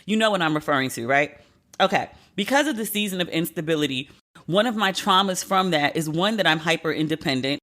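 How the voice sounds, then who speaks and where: A woman around forty hosting a solo podcast, talking in an animated, profane, venting way. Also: lowish voice. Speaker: podcast host.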